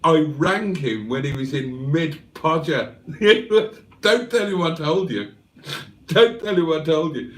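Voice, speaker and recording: A man's voice: on the high side, lively intonation, takes it slowly, fairly bright tone, far from the mic. A man from England hosting a casual livestream, reading the chat aloud with cheeky banter. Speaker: livestream host.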